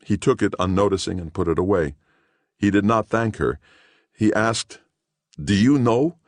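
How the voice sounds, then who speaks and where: A male narrator with a deep voice reads a scripted audiobook passage at normal speed. The recording has studio quality with no room sound.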